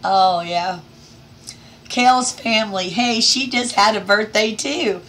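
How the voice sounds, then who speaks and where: Brief: middle-aged woman, livestream host at home, bright tone, upbeat and affectionate, reads out chat names. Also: medium pitch, slow pace, slight background noise. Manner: cheerful, affectionate greetings to each viewer. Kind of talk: casual livestream chat reading out comments.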